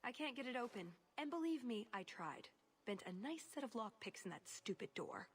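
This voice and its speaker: A woman's voice: a little high, sing-song, a little fast, slightly rough. An actress playing a practical female rogue in a video game, with a dry, matter-of-fact delivery. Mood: wry.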